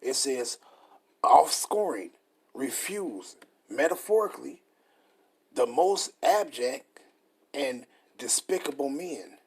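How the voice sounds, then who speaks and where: Husky-voiced emphatic male preacher. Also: medium pitch, expressive, takes it slowly, a little mellow. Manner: emphatic, repetitive, reads definitions aloud. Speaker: street preacher. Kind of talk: scripture study sermon.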